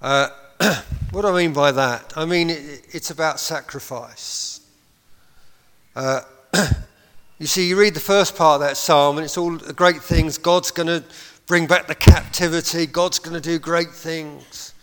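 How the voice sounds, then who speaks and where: High-voiced pastor preaching in a hall. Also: male voice, steady tone, unhurried, smooth. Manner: impassioned preaching, laughs between points. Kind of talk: sermon. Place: church hall. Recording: long hall reverb.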